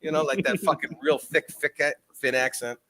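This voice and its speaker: A man's voice: a little high, normal speed, bright, forceful tone. A man co-hosting a casual podcast, rambling, laughing and swearing, a bit tipsy after drinking. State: has been drinking. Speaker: podcast co-host. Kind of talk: casual chat.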